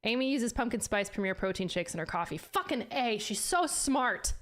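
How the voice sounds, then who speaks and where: A woman's voice: mid-range voice, lively intonation, a little fast, a bit bright. A woman streaming and chatting casually, playful and self-mocking, laughing often and cursing now and then as she trips over words. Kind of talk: casual chat.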